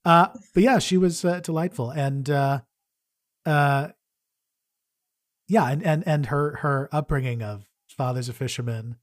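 A man's voice: a little high, unhurried, long pauses, no room sound, studio quality. A man co-hosting a casual podcast, joking and rambling with frequent restarts. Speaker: podcast co-host.

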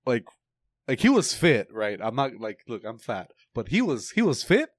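An excitable man chatting casually, piling up fillers and swearing as he goes. His pitch swings widely. His voice is dry and close to the mic. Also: moderate pace, dry recording. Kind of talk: casual chat.

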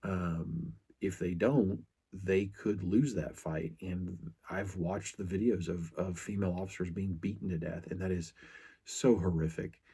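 Middle-aged male podcast host, deep husky voice, earnest storyteller. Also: steady tone, measured pace, dark tone. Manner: earnest storytelling, frequent restarts. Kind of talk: casual podcast monologue.

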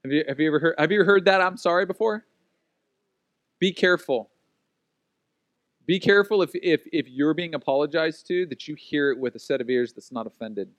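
Pastor, male, slightly high voice, animated storyteller who acts out quotes, dry close sound. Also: brisk, long pauses, no echo. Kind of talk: sermon.

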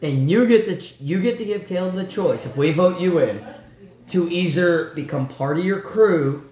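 A man co-hosting a casual podcast chat, telling loud, profane, joking stories. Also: high-pitched, moderate pace. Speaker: podcast co-host. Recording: echoey room.

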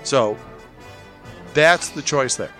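A man's voice: mid-range voice, slow, bright, forceful tone. This is a man hosting a casual movie podcast, easygoing and rambling as he chats with friends. His voice sits in a middle range and he laughs easily. Faint music hums underneath. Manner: laid-back, rambling, chuckles often. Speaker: podcast host.

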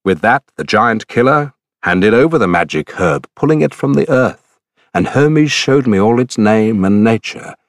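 A man narrating an epic poem in a measured, dramatic storytelling manner, recorded on a close studio mic. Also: deep voice, no room sound. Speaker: audiobook narrator.

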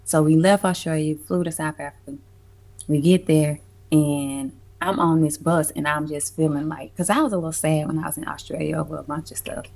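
Low, gravelly-voiced woman telling stories. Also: brisk. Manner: animated and emphatic, laughs often, swears casually. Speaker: guest, community music event organizer. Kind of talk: casual conversational storytelling.

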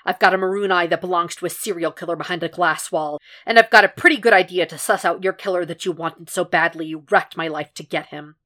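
A woman podfic reader voices a tired male profiler who stays calm and stubborn under pressure, talking low, flat and dry in her own lowish voice. He lays out his plans in level, unhurried sentences. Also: lightly acted.

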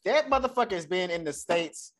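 Brief: young Southern man, podcast co-host, loose and profane, quick to laugh. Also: sits high. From Texas. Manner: animated, swears freely, laughs often. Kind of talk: casual chat.

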